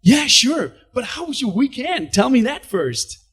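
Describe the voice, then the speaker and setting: A man voicing an overexcited young male bank teller, gushing in a high, breathless voice. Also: very animated, unhurried, a bit bright, husky, exaggerated voice. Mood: starstruck.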